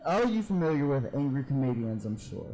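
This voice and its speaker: A man on a comedy panel chatting casually, describing things in an animated way. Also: medium pitch, fairly quick, low-quality recording. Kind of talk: casual chat.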